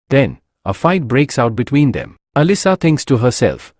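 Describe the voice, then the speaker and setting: A man's voice: mid-range voice, huge pitch swings, normal speed, few pauses, no echo. A man narrating a comic recap, reading out every character's lines in turn. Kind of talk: scripted storytelling narration. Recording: dry close-miked voice-over.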